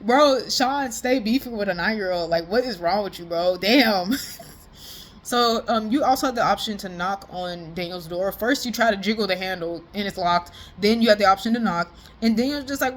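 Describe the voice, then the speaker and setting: A woman chatting casually as if on a call with a friend, excited and slangy, rambling and laughing often. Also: medium pitch, normal speed. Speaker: vlogger.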